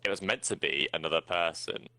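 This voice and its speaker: A man's voice: sits low, a little fast, no echo. A British man, podcast co-host, telling blunt, sweary stories in casual chat. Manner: blunt, swearing, lively storyteller.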